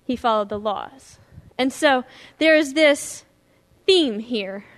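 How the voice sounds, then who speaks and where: A woman pastor preaching a sermon, retelling a story in a lively storytelling way. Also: on the high side, takes it slowly. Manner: animated storytelling, acting out scenes.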